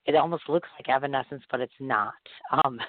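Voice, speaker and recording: A man with a cold and a hoarse voice, hosting a talk-radio interview in a chatty, excitable way. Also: mid-range voice, a little fast, no echo. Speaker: radio show host. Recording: tinny dry phone line.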